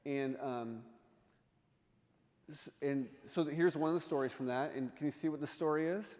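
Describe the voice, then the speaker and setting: A man with a somewhat high voice gives a lighthearted, jokey presentation, tossing questions to the crowd. His voice rings out with a long, lingering echo, as heard in a church sanctuary. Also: moderate pace, a little mellow. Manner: playful, jokey, quizzes the audience. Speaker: artist in residence giving a presentation. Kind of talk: humorous illustrated talk to a congregation.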